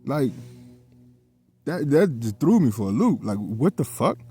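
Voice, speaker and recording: A man's voice: medium pitch, very animated, a little slow, mellow, breathy edge, faint music behind. A man telling a personal story in a casual, heated monologue, swearing often and repeating himself as he goes.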